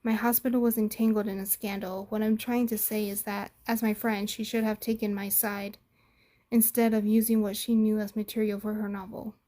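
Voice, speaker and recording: A woman's voice: mid-range voice, little pitch movement, normal speed, warm tone, close to an everyday voice. A woman voicing a guarded hospital director in a story, giving curt, defensive replies.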